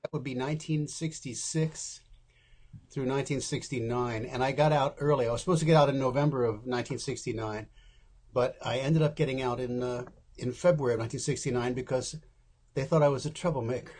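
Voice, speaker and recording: A man's voice: mid-range voice, fairly even intonation, brisk, a little mellow, slightly rough. A man in his seventies, an interview guest, telling candid stories in a wry, casual way and acting out the people he quotes.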